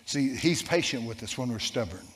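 A man preaching a sermon, telling a story with lively shifts and asking the congregation questions. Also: medium pitch, normal speed. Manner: storytelling, animated, asks the crowd questions. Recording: long hall reverb.

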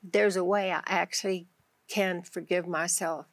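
Texan lady, low gravelly voice, lively storytelling on a christian talk show, dry close sound. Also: unhurried, dry recording. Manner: animated storytelling, acts out her own prayers. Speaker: guest author.

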